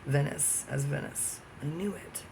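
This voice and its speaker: A man holds forth in a loose solo monologue, swearing freely and hopping between subjects. His voice sits a little high for a man and carries a gravelly fry, with a slight hiss behind it. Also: a little slow, darkish tone. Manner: profane, jumping from topic to topic. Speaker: vlogger.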